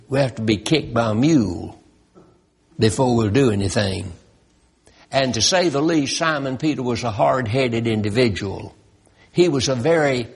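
Male preacher, sermon, unhurried delivery, breathy voice, folksy emphasis. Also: mid-range voice. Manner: slow, folksy, emphatic preaching with drawn-out words.

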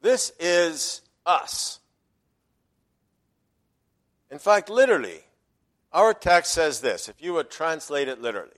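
A man delivering a sermon as pastor, his voice sitting a little high for a man. He preaches emphatically, falling quiet for side remarks and swelling loud when he quotes a verse. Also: very animated, moderate pace.

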